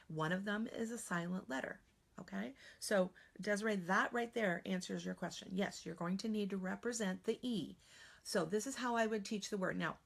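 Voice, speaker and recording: A woman's voice: medium pitch, creaky. Patient woman spelling trainer. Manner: patient, explanatory, with frequent fillers. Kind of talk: live online teaching Q&A.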